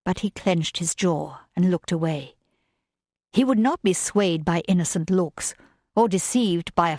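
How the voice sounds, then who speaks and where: A woman narrating a romance audiobook in a measured, even reading style. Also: lowish voice, no echo, clean studio sound. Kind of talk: scripted narration.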